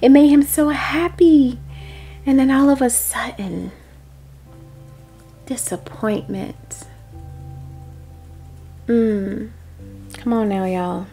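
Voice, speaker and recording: A woman hosting a devotional prophetic message, speaking earnestly and dropping into soft, whispered prayer. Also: a little high, steady tone, takes it slowly, pauses often, soft background music. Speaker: host and prophetic teacher.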